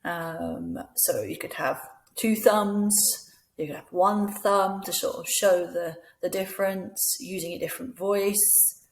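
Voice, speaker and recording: Brief: woman trainer, lowish voice, unhurried, patient, clear teacher delivery, echoey room. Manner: clear, patient, demonstrates words in varied voices.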